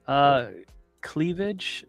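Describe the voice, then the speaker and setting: A man's voice: on the high side, lively intonation, very slow, dry recording, soft background music. A man hosting a casual live stream, rambling through stories in a self-mocking way and laughing often. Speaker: podcast host. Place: small room with some echo.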